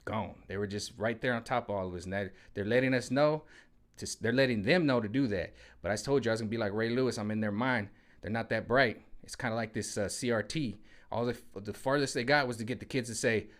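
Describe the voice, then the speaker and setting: A man talks straight to his own mic in a hot room at home, sweating but pressing on. His rant is loose and slangy, and he keeps circling back to the same catchphrases. His pitch sits in the middle range. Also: fast talker, fairly bright tone. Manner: rambling, slangy, repeats "you know what I'm saying". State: sweating in the heat. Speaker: vlogger. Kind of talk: casual political rant.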